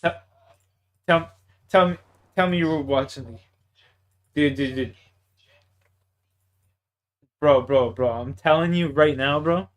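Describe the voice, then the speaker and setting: A man's voice: fairly high pitch, slow, pauses often. A young man from Canada with a Canadian accent, chatting casually in a laid-back, profane, slangy way. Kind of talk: casual chat.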